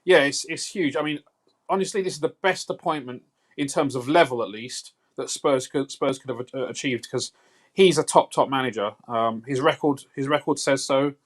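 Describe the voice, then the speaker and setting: A man's voice: medium pitch, normal speed. A man calling in to a live show, talking football in a thoughtful way with many fillers. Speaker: caller. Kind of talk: casual call-in chat.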